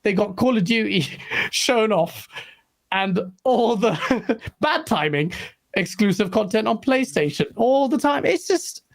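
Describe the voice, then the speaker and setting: A woman hosting a live gaming stream, reading viewer messages and ranting excitedly. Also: fairly high pitch, unhurried. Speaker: host.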